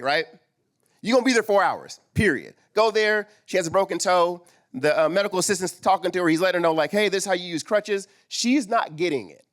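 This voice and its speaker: A fairly high-voiced man tells a personal story from a live event stage. He talks in a loose, conversational way and jumps into the voices of the people in his story. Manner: animated, acts out quoted dialogue. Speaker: speaker at a men's summit. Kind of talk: storytelling talk.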